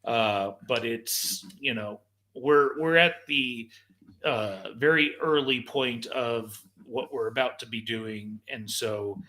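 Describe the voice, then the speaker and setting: A man co-hosting a live talk show, speaking casually in a dry, teasing, measured way. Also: medium pitch, pushed and bright. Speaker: podcast co-host. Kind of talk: casual chat.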